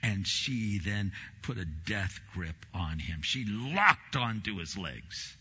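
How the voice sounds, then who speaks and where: Male pastor, bright edgy voice, animated sermon delivery, slightly dull recording. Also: takes it slowly, slightly rough. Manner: animated preaching, acts out quoted voices with big swings in pitch and volume.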